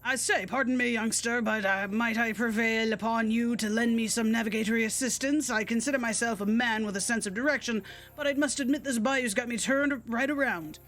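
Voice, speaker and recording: A woman puts on a courtly Southern gentleman vampire, portly and old-fashioned, with a folksy drawl. The voice sits a little high and sounds bright and sharp, with soft music playing underneath. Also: fairly even intonation, fairly quick, natural voice.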